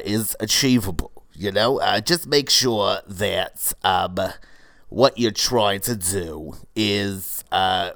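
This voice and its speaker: A man playing rambling cold-yoga woman, low-voiced. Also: a bit bright, dry recording. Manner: rambling, heavy with "uh" and "you know". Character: brash fortyish woman running a failing cold-yoga studio. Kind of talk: improvised comedy monologue.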